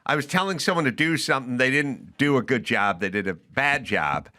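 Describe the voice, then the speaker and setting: Middle-aged male podcast host; blunt, profane ranter; bright, forceful tone. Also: medium pitch, expressive, a little fast, no room sound, clean studio sound. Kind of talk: casual comedy podcast chat.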